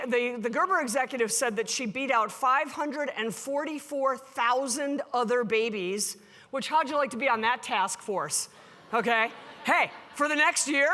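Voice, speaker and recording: A woman delivers a conference keynote in a bright, forceful voice that sits a little high. She is animated and joking, and she acts out the people she quotes. Her voice rings through a large hall with a long reverb. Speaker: keynote speaker.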